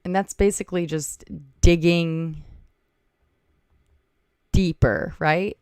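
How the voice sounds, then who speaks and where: A woman's voice: on the low side, fairly even intonation, slow, smooth, no room sound, studio quality. A woman hosting a casual livestream, chatting, thinking aloud and thanking viewers by name. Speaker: livestream host. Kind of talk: casual livestream chat reading viewer comments.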